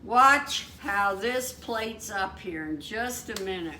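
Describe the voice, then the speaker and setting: A woman chatting excitedly as she cooks a meal at home, exclaiming as she goes. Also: mid-range voice, slow pace. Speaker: home cook showing a recipe. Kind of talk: casual cooking demonstration. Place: home kitchen. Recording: echoey kitchen, distant mic, frying noise. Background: sizzling frying pan.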